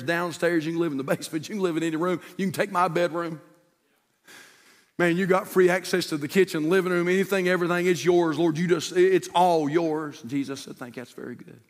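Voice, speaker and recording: A male pastor preaching a sermon in a church, telling a story that swings from loud, shouted peaks to hushed, quiet lines. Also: fairly high pitch. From United States. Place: church sanctuary. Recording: long church reverb.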